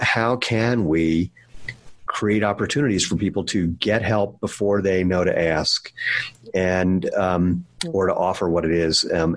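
Podcast host, male, low husky voice, rambling storyteller, dry close mic. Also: no room sound. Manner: rambling, animated storyteller with restarts. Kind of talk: casual conversation, storytelling.

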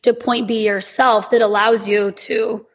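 A woman's voice: fairly high pitch, little pitch movement, a little slow, slightly rough. A woman who teaches movement, guesting on a podcast and explaining her ideas thoughtfully. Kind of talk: casual conversation.

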